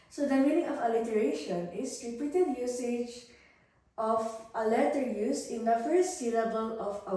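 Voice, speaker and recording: A young woman, a student teacher giving a demo English lesson, explaining slowly and praising pupils. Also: a little high, mellow. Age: young adult. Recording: echoey room, voice far from the mic.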